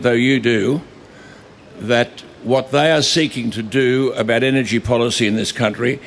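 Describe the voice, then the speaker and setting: A man's voice: medium pitch, gravelly, a little hiss or hum. A man giving an emphatic, repetitive, sarcastic speech into a microphone at an outdoor protest rally. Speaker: rally speaker and broadcaster. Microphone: stage microphone.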